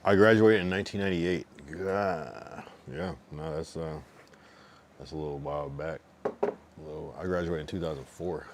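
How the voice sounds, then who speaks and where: A man's voice: very deep voice, normal speed, slight background noise. A man in his late thirties, a livestreamer rambling in casual chat, swearing and answering his chat.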